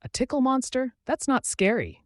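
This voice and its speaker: A man doing a whiny excitable little boy. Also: very high voice, moderate pace, no room sound, studio quality, pitched above the performer's own voice. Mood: disgusted. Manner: whiny, exclaiming.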